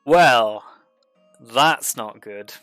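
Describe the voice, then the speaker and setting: Brief: a man doing a blunt, gruff guard; plain words, dry close sound. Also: medium pitch, drawn-out words, a bit bright, no echo, faint music behind. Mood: concerned.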